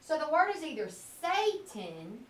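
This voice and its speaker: High-voiced woman teacher in an echoey classroom. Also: expressive, fairly bright tone. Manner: patient, questioning, drawn-out word modelling. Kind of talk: classroom phonics lesson. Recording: echoey classroom from a distance with faint hiss.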